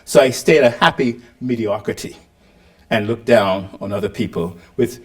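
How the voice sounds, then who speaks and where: A man's voice: mid-range voice, normal speed. An older man giving a public lecture, asking the audience rhetorical questions and acting out the lines he quotes. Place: lecture hall. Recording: roomy hall, mic at a distance.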